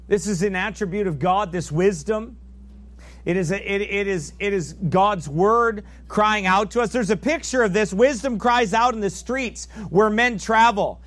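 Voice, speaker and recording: A man with a fairly high voice preaches unhurriedly and fervently, climbing to loud emphatic peaks and sinking into soft asides while reading scripture aloud in old biblical wording and explaining it.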